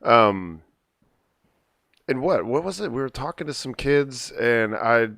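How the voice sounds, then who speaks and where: A man's voice: medium pitch, lively intonation, takes it slowly, creaky, fairly bright tone, dry recording, studio quality. A man hosting a casual podcast chat, rambling with lots of fillers and frequent laughs. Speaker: podcast host.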